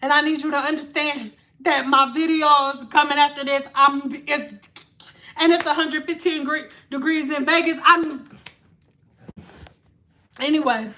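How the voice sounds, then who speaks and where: A high, bright-voiced woman, chatting on a livestream. She slips in and out of sing-song phrasing, then drops to soft murmurs as she reads out comments. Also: steady tone, unhurried, long pauses. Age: 30s. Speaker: livestream host. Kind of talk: casual livestream chat reading comments.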